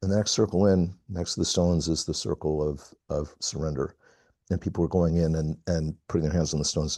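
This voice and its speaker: Middle-aged guy on a video call, deep husky voice, slow halting storytelling, dry sound. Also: mellow, dry recording. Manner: halting, reflective, many pauses and fillers. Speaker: call participant. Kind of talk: casual personal storytelling. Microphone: video call mic.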